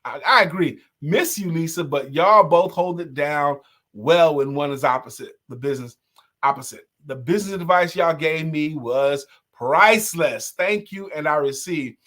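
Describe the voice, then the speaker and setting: Animated, laughing male host. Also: fairly high pitch, normal speed. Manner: animated storyteller, sings snatches of songs and laughs often. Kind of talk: casual live-stream chat reading comments.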